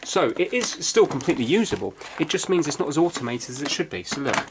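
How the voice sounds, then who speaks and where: A man's voice: on the high side, big pitch swings, fast talker, background noise. A man hosting a repair video, explaining his work in a casual, rambling way with plenty of fillers and restarts. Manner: chatty, rambling, self-deprecating, many fillers and restarts.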